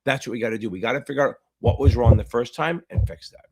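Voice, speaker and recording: A man tutoring for a finance exam, hosting a livestream Q&A, loud and profane, hyping viewers up and answering chat questions. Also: mid-range voice, quick pace, slightly rough. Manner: loud, profane, hyped-up coaching.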